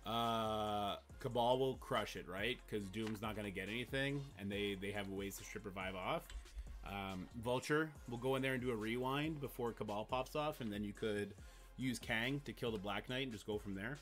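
A man's voice: fairly low pitch, moderate pace, a bit bright, soft background music. A man streaming a game, chatting casually and playfully coaching his toddler to speak. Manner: playful, coaxing, teaching a toddler to talk. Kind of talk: casual livestream chat.

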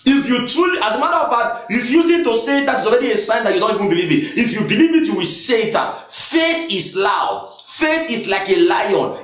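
A man with a Nigerian English accent preaching a sermon, emphatic and repetitive, bursting into shouts. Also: high voice, reverberant.

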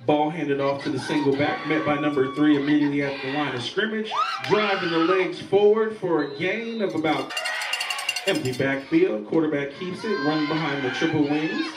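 A man's voice: fairly high pitch, moderate pace. Man calling youth football plays. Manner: calm, steady play calling. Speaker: play-by-play commentator. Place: outdoor football field. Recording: echoey, distant, with loud crowd and noise. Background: crowd and field noise.

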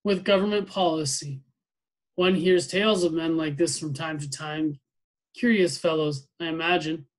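A man voicing a stern senior commandant who questions slowly and pointedly. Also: on the high side, fairly even intonation, lightly acted. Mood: probing. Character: stern senior male commandant, probing and menacing.

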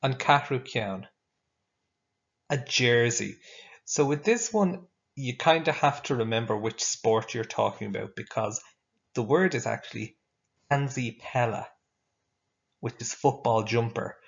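Man, language teacher, unhurried drill, slightly dull lo-fi sound. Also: medium pitch, gravelly. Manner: patient, repeats words slowly for pupils to echo. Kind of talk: classroom vocabulary drill. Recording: dull lo-fi recording.

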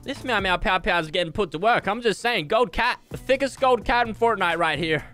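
A young man giving jokey, excitable gameplay commentary with sudden yelps. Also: high-pitched, a little fast, faint music behind. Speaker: gaming YouTuber.

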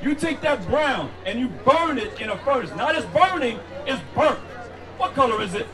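A man preaching loudly on a city street, firing questions at passersby. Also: very high voice, animated, moderate pace. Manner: loud, confrontational questioning. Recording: distant mic with street crowd noise.

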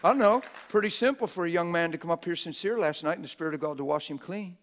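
A man's voice: a little high, quick pace. A man preaching a live church sermon in a conversational way, firing rhetorical questions at the audience and acting out the voices of people he quotes. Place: church gathering.

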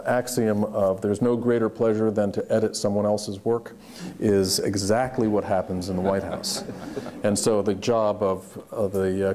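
A man's voice: fairly low pitch, mellow, slight background noise. A man on a discussion panel, telling stories about his years as a White House communications aide. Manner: storytelling, with restarts. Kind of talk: anecdotal panel talk. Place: lecture hall panel.

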